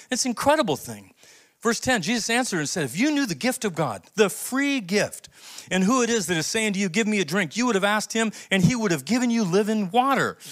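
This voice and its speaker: A man pastor preaching a sermon, telling a story with acted-out quotes and building to emphatic, near-shouted points. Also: sits high. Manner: animated storytelling, acts out quoted voices.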